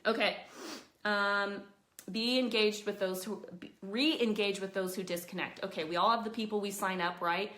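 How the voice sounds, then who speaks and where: A chatty, earnest woman speaks live from her phone, giving her team motivational highlights in an easy, everyday way. Her voice sits in a middle pitch and carries a noticeable echo from the room around her. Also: steady tone, moderate pace, a bit bright. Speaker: network marketing leader. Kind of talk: casual Facebook Live talk.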